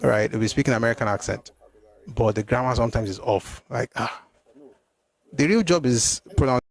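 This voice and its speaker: A man hosting a live stream, answering viewer comments in an animated, exclamatory way, often repeating himself. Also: medium pitch, moderate pace, vocal fry, no echo. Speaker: host.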